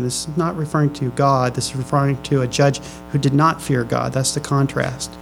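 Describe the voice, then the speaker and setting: A pastor preaching a sermon to his congregation. He reads scripture slowly, then presses the room with questions, often repeating and restarting his phrases. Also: medium pitch, steady tone, gravelly, soft background music, poor audio.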